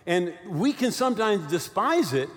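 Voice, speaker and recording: A man in his sixties preaches in a church hall with a long reverb. His voice sits fairly high and swings up and down as he tells stories and keeps checking in with his listeners. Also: moderate pace. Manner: animated storytelling with many "right?" check-ins. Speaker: pastor. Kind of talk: sermon.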